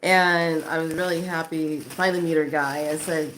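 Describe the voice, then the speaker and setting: A woman vlogger telling a casual story in an animated way, acting out what people said and laughing often. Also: low voice, moderate pace, hardly any pauses, slight background noise. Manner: animated, acts out quoted voices, laughs often.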